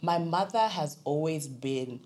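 A woman from Zambia, a podcast guest telling heartfelt personal stories in an expressive, emotional way. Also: deep voice, unhurried. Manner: expressive, emotional, laughs often. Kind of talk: heartfelt storytelling in casual chat.

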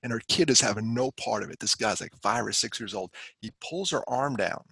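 A man telling a personal story in casual conversation, animated, acting out what others said, with frequent laughs. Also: medium pitch, brisk, gravelly, breathy edge, dry recording. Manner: animated storyteller who acts out quoted lines and laughs often. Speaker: guest speaker on suicide prevention. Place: on the East Coast of the United States.

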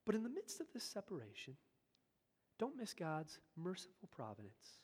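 A pastor delivering a sermon with emphatic delivery, swinging between loud urgent passages and hushed asides. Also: mid-range voice, huge pitch swings, normal speed, husky. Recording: long hall reverb.

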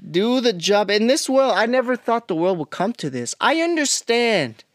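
A woman's voice: fairly high pitch, very animated, moderate pace, no room sound, studio quality. A woman hosting a podcast, ranting bluntly with heavy swearing and exasperation. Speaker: podcast host. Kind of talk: ranting monologue.

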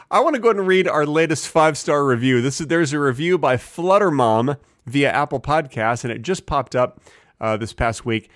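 Deadpan rambling male podcast host. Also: fairly high pitch, normal speed, dry recording, clean studio sound. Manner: deadpan, rambling tangents, goofy put-on voices for quotes. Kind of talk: absurdist comedy chat.

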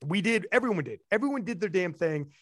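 A young man hosts a relaxed conversation, spinning animated stories full of slang. His voice sits slightly higher than most men's. The sound is dry and close, with no room around it. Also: fast talker, dry recording. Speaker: podcast host and event commentator. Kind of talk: casual chat.

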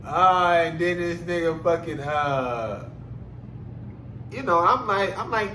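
Man, casual storytelling podcast, profane and animated, fairly high voice, roomy echo. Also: unhurried, slight background noise. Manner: animated and profane, many filler phrases, laughs while telling. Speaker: podcast host.

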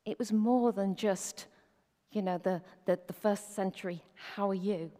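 A woman's voice: medium pitch, a little slow, dark tone. A middle-aged woman giving a conversational sermon as a preacher, often asking the listeners rhetorical questions. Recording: long reverb of a hall.

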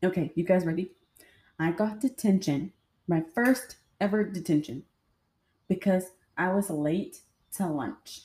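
A chatty woman hosts a casual storytelling show and speaks straight to her listeners. Her voice is lowish and mellow. The recording has a roomy echo. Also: measured pace. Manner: chatty, addresses listeners directly. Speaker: podcast host.

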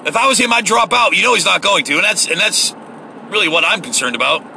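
A man's voice: sits high, animated, quick pace, creaky, sharp tone, a little hiss or hum, rough recording. A man giving a heated, profane, sarcastic political rant, recorded in a car. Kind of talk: ranting political monologue.

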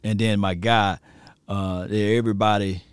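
A man hosting a sports stream, telling slangy, excitable stories and laughing often. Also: on the low side, a little slow, smooth, no room sound, clean studio sound. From rural area. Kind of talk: animated sports talk.

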